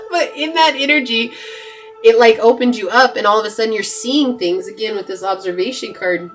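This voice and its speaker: A woman giving a casual pick-a-card tarot reading, earnest and emphatic, chatty with frequent "like" and quick restarts. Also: mid-range voice, fairly bright tone, faint music behind. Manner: earnest and emphatic, often shifting into spiritual advice. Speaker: tarot reader.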